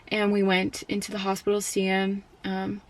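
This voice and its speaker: A young woman talks straight to the camera in a personal vlog. Her voice is soft and often falters, and she is close to tears. She speaks in a mid-range pitch and leans on filler words as she goes. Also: completely flat delivery. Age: young adult. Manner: soft, tearful, halting with many fillers. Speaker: college student.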